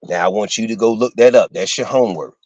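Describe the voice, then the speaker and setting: A man giving an informal lecture to his listeners, halting and full of fillers, spelling out terms letter by letter. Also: lowish voice, darkish tone, dry recording, lo-fi sound. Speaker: host teaching a class.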